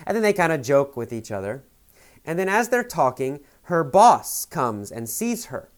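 A fairly high, very animated male voice at a moderate pace belongs to an English teacher retelling a film scene for learners. He restates each idea in simpler words, hesitating with fillers along the way.

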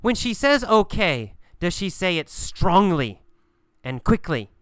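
A man teaching an English pronunciation lesson, asking and answering his own questions deliberately. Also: sits high, very animated, a bit bright, clean tone, no echo, studio quality. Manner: slow, deliberate, repetitive questioning.

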